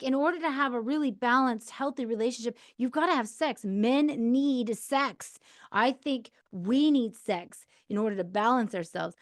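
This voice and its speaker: Clean studio audio with no echo captures a woman in her thirties whose voice is a little high. As a podcast host, she gives casual, candid advice in a chatty monologue, filling it with lots of fillers.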